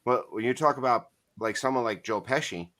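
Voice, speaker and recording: A man's voice: medium pitch, a little fast, fairly bright tone. A man chatting casually about movies, telling stories with emphasis.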